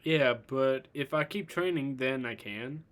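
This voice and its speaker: A man's voice: mid-range voice, measured pace, a bit bright, lightly acted. A man voicing an earnest, slightly hesitant young male hero in training in a read-aloud fan story.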